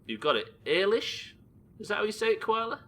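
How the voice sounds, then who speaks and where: This young British streamer races through his live gaming commentary in a high-pitched, very animated, slightly bright voice. He curses a lot, reads out chat, and chats with viewers while he plays.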